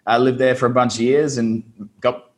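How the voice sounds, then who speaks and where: A man's voice: mid-range voice, level tone, moderate pace. An Australian man, a business-owner guest, telling his story in a casual, self-deprecating way over a video call. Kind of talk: casual interview.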